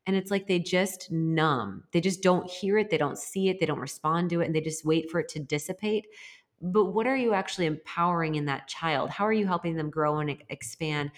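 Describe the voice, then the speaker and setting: Speaking a little fast in a deep voice, this mother and podcast co-host rambles reflectively through a long, sincere story during a casual chat.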